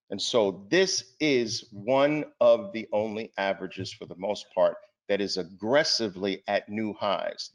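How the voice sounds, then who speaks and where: Speaking in a fairly low register, a man presents on markets at a trading seminar, emphatic throughout and fond of rhetorical questions for the audience. The sound quality is lo-fi.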